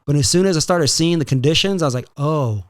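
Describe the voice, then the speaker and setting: Man, podcast host, slightly high voice, casual storytelling, profane, animated. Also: quick pace. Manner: profane, animated storyteller, mixes in Spanish phrases.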